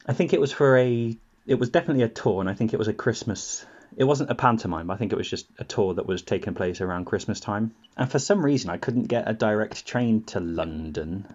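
A man's voice: lowish voice, a little mellow, dull audio. A man on a podcast, telling rambling stories full of laughs and acted-out quotes, in casual chat.

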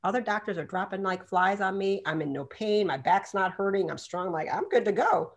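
A woman's voice: medium pitch, fairly quick. A woman guest telling a story in a casual interview, acting out quotes with bursts of laughter. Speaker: doctor and podcast guest.

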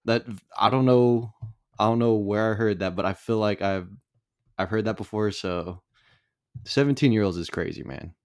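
Young male co-host, low voice, easygoing slang, dry recording. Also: normal speed, dry recording. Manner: relaxed, slangy. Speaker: podcast co-host. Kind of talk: casual chat.

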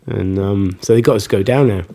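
A man's voice: lowish voice, brisk, creaky, warm tone. A man, chatting casually and telling rambling stories with frequent laughs. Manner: rambling storyteller, laughs often. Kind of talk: casual conversation.

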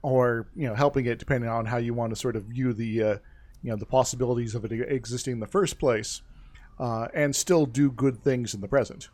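Guy rambling casually, lots of uh and you know, mid pitched. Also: steady tone, brisk, a little mellow. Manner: rambling, full of fillers and restarts. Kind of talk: casual chat.

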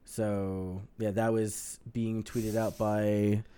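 A man's voice: on the low side, little pitch movement, very slow, dark tone, clean tone. A man co-hosting a podcast, chatting casually and profanely about gaming news. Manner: profane, rambling, reads headlines aloud. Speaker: podcast co-host.

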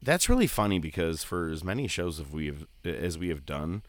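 A man co-hosting a podcast in casual, animated chat, swearing and laughing easily. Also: sits low, brisk, no room sound. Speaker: podcast co-host.

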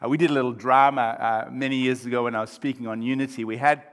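A man in his fifties preaching a sermon as pastor, shifting from quiet reflection to loud, emphatic exclamations. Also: medium pitch, steady tone, fast talker.

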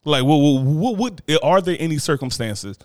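A man co-hosting a podcast, chatting casually with animated, profane banter. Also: fairly high pitch, normal speed, dry recording, studio quality. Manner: animated, profane, laughing asides. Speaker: podcast co-host.

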